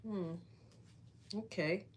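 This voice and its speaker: Woman, livestream host, unhurried delivery, chatty, laughs often. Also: mid-range voice, background noise. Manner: chatty, answers viewer comments, laughs often. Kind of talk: casual livestream chat with viewers.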